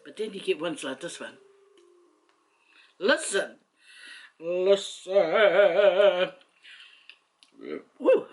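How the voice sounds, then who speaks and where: This mukbang vlogger, a woman with a Samoan accent, talks casually to camera while eating, giggling and poking fun at her food. Her fairly low voice has a fairly bright tone and lively intonation, and she speaks unhurriedly, pausing often.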